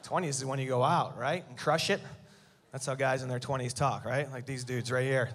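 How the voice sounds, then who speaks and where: A man's voice: mid-range voice, steady tone, moderate pace. A man in his thirties doing a stand-up set before a live audience, sarcastic and teasing the crowd. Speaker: stand-up comedian. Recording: live show with clear crowd noise.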